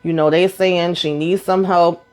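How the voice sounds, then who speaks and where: A woman casually recapping a TV episode, acting out characters' lines in quick, animated bursts and blunt, profane asides. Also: fairly low pitch. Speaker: TV show recap host.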